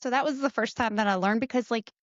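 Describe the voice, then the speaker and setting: A middle-aged woman hosts the chat, spinning her stories with animated quoted asides. Her voice sits fairly high and sounds close and dry. The recording is a little dull and lo-fi. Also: fast talker, dry recording. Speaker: podcast host. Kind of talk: casual chat.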